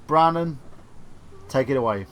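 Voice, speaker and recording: A man's voice: mid-range voice, expressive, measured pace. A man co-hosting a podcast, moving the chat along with hesitant fillers. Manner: steering the talk, hesitant fillers. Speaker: podcast co-host. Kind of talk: casual chat.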